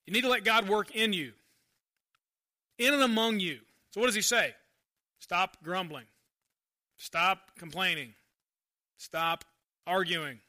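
A man preaching a sermon in a chatty, conversational way, leaning hard on some phrases and dropping low for asides. His voice sits high for a man. It has a very bright, cutting edge. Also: a little slow, pauses often. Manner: conversational preaching, swinging between loud emphasis and quiet asides. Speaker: pastor.

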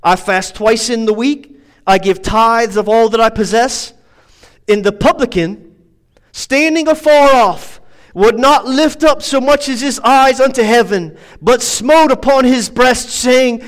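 A man with a high voice preaches to his church. His delivery swells into emphatic, climbing peaks and then falls back to hushed, reflective stretches. He keeps a steady preaching rhythm throughout. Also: unhurried, rough recording. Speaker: pastor. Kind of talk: sermon.

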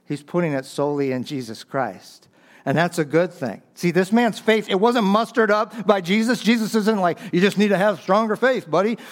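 A middle-aged male pastor delivering a sermon in a slightly high voice. He climbs to fervent, raised peaks, then drops low and soft to press home a point. Small chuckles slip in between phrases. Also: normal speed. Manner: impassioned, rising to emphatic peaks and dropping low for key points.

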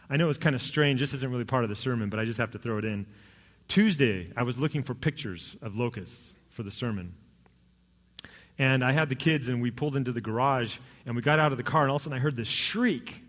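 A male pastor delivering a Sunday sermon, mid-range voice carrying through a church hall with a long reverb tail. He tells stories with emphatic swings, rising for punchlines and dropping low for solemn points. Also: fairly quick. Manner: storytelling, lively pitch swings and emphatic rises.

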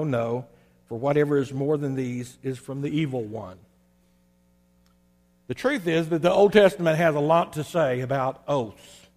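A man with a slightly high voice preaches a sermon in a measured, emphatic way. He slows down to stress key phrases. His voice rings with a long reverb.

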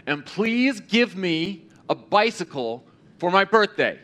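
Brief: male pastor putting on a cheeky little girl, loud, higher, clear. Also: very animated, measured pace, a little hiss or hum, exaggerated voice. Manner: loud, clear, childlike delivery.

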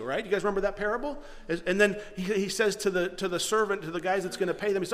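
A pastor preaches with an earnest, conversational drive, now and then slipping into the voices of the people he quotes. His voice sits a bit higher than most men's. It rings out in a hall with a long, trailing reverb. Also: fast, few pauses. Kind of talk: sermon.

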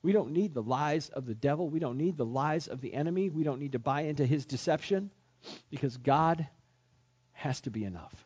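A man's voice: fairly high pitch, animated, a little fast, darkish tone, slightly rough. A male pastor preaching a sermon in an earnest, emphatic manner, on a dull lo-fi recording.

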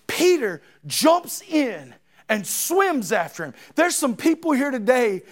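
A middle-aged man preaching a sermon, animated and dramatic, acting out Bible characters as he tells their stories. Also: very high-pitched, takes it slowly.

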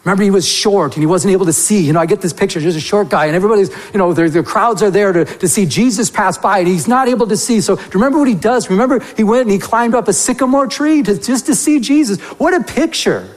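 A man preaching in a church, his voice sitting high for a man and carrying a long reverb off the walls. He tells stories with lively energy and keeps turning to the congregation with "remember?" questions. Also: fast talker, few pauses. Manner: animated storytelling with repeated rhetorical questions to the congregation. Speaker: pastor. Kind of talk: sermon.

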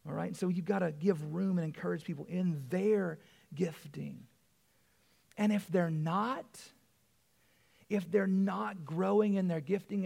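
A man's voice: sits high, vocal fry, darkish tone. A man, preaching a conversational sermon as pastor, with frequent asides and repeated words.

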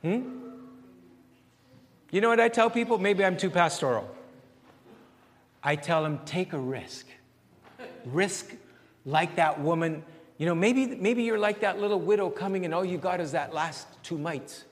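A man pastor giving a conversational sermon with questions and answers, animated and repeating phrases as he searches for words. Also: sits high, moderate pace, pauses often, long reverb tail.

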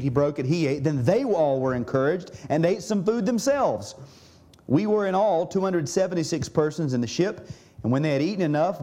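A male pastor teaching his congregation in an earnest sermon. His voice sits a little high yet sounds dark and mellow. He often stumbles and repeats words as he works through his points.

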